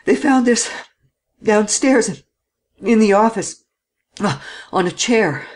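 A man's voice: sits high, normal speed, pitched above the performer's own voice, close to an everyday voice. A man reading an audiobook and voicing a breathless police detective who has run in with urgent news. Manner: panting, urgent.

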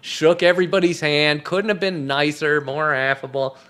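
A man's voice: fairly high pitch, moderate pace, pushed and bright, smooth. A man, a comedy writer, telling anecdotes as a podcast guest in a wry, joking way and laughing at his own punchlines. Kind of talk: anecdotal storytelling.

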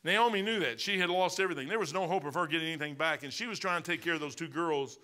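Older Midwestern pastor, bright slightly high voice, animated storytelling sermon. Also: male voice, fast. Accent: Midwestern American. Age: 60s. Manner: animated storytelling preacher, swinging from loud exclamations to quiet asides.

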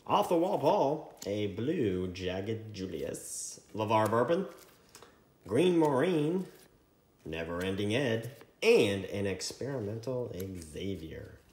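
A man hosting a trading card break, reading out card names in a running list with quick asides. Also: lowish voice, big pitch swings, darkish tone. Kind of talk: casual card-opening commentary. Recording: echoey room with faint noise.

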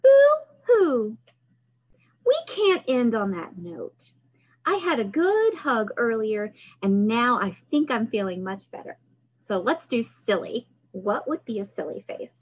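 Woman, children's storytime host, sing-song, slow unhurried pace, raised pitch, dull lo-fi sound. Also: very animated. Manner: cheerful, sing-song, coaching kids through motions. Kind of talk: singing action songs for young children.

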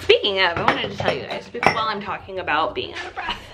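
A woman's voice: medium pitch, wildly swooping pitch, fast, very noisy. Chatty young woman vlogging at home. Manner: chatty, rambling, many "like"s. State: out of breath. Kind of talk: casual vlog chat. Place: her home, indoors. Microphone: handheld camera.

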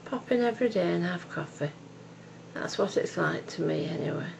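Older woman, heavy vocal fry, devout and affectionate, home video with audible hum. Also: lowish voice. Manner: slow, tender and devout, calls the listener love and darling. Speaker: video message sender. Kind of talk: heartfelt personal message.

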